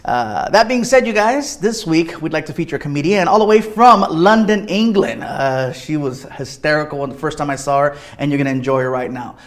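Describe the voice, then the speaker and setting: A man hosting a comedy highlight show, introducing it loudly and energetically with many "uh" fillers. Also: expressive, brisk, hardly any pauses. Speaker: host.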